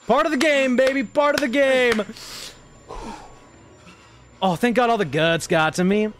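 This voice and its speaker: A young man giving jokey, profane live commentary while playing a horror game, yelping and shouting when startled. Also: extremely high pitch, a little slow, faint music behind.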